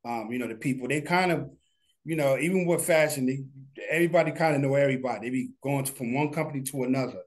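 A middle-aged man speaks in an unhurried, rambling way, full of fillers and restarts. His voice sits at an ordinary middle pitch. He is a guest on an interview show. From New Jersey. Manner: relaxed, rambling, many fillers. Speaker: guest, animation studio founder. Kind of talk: casual interview talk.

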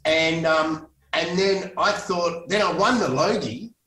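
Casting note: man, rambling storyteller, slightly high voice, echoey room, mic at a distance. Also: takes it slowly, fairly bright tone. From Australia. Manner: rambling, frequent restarts, swears for emphasis. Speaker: guest, former soap actor. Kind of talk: casual storytelling interview.

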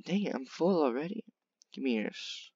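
A man giving casual, excitable gameplay commentary, chatting along and talking to the animals on screen. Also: fairly high pitch, moderate pace, breathy edge, no room sound, muffled recording. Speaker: gaming video creator.

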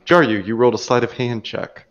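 A man narrating a tabletop game as game master, calm and descriptive. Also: mid-range voice, a little fast, muffled recording, faint music behind.

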